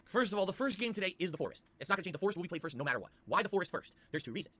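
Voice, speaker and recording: A man's voice: sits high, expressive, rapid-fire, pushed and bright. A male streamer talking to his chat in an emphatic, self-justifying way.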